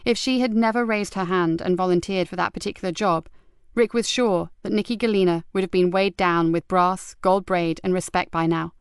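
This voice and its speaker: A woman narrating an audiobook mystery in a measured, even storytelling manner. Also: on the low side, clean tone, no room sound, clean studio sound. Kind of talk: scripted narration.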